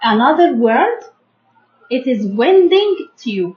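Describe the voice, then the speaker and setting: A woman's voice: a little high, sing-song, takes it slowly, husky. A young Egyptian woman teaching primary science, patiently sounding out words syllable by syllable and checking in with her students. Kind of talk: slow classroom explanation to children. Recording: dull lo-fi sound.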